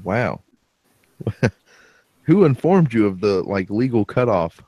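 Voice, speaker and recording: A man's voice: on the low side, big pitch swings, slow pace, warm tone, no echo. A man hosting a casual podcast chat, wry and joking, swearing now and then. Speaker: podcast host.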